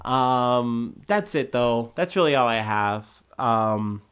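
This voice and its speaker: A man's voice: mid-range voice, animated, slow pace, few pauses, fairly bright tone, clear, resonant tone. Young male podcast host, mid-range voice, casual solo commentary, gets heated and swears a lot. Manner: heated, profane ranting.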